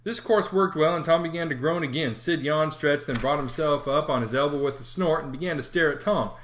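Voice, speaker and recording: An audiobook reader narrating a classic novel with expressive, lively storytelling. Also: medium pitch, a little fast, slight background noise.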